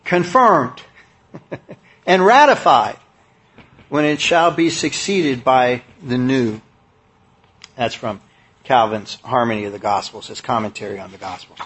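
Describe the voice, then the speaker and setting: A man's voice: medium pitch, fairly even intonation, moderate pace, husky. A man preaching a sermon, speaking in a conversational, emphatic way with many fillers and restarts.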